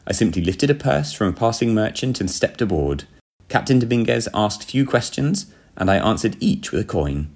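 A man voicing a breezy, coolly unbothered young gentleman spy with an airy, genteel, offhand manner. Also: fairly low pitch, big pitch swings, brisk, gravelly, slightly rough, exaggerated voice.

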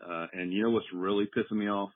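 A man's voice: fairly low pitch, fairly even intonation, fast talker, no echo, phone-quality sound. A man leaving a frustrated, swearing voicemail rant. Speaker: caller.

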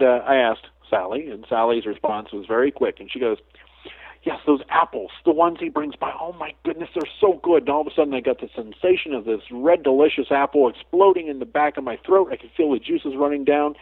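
A man's voice: mid-range voice, vocal fry, dry recording. A man being interviewed as a guest, an animal communicator who tells his anecdotes animatedly. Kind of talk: storytelling in a podcast interview. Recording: tinny phone-like line.

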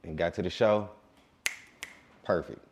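Man, late twenties, very low voice, calm laid-back DJ guest. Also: measured pace, slight background noise. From Detroit. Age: late 20s. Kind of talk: casual interview.

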